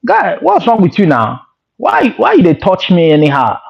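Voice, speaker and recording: A man's voice: high voice, wildly swooping pitch, normal speed, gravelly, husky, full character voice. A man voicing a startled young male student who speaks Nigerian Pidgin, blunt and exasperated. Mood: confused. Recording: lo-fi dull sound.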